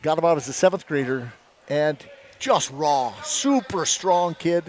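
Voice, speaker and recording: A middle-aged former coach commentates a wrestling meet in folksy play-by-play, rambling through anecdotes and chuckling often. His voice is fairly high and expressive, and he takes his time.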